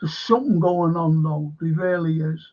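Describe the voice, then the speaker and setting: Older man, Liverpool accent, husky voice, fairly high pitch, rambling casual livestream chat. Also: normal speed, warm tone, dull audio. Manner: rambling, chatty, anecdotal. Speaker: livestream host. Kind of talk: casual chat reading viewer comments.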